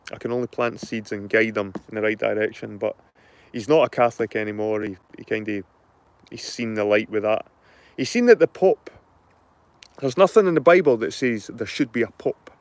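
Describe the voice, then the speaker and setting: A man's voice: on the low side, moderate pace, dry recording. A middle-aged man with a Scottish accent, chatting casually to his viewers, rambling, repeating himself and swearing freely. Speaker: channel host.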